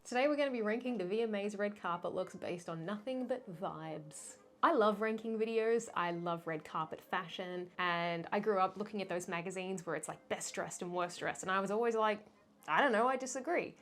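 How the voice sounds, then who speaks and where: A young woman vlogger chatting casually, playful and self-mocking, with animated asides. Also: medium pitch, fairly quick, few pauses, faint music behind. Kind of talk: casual chatty fashion ranking.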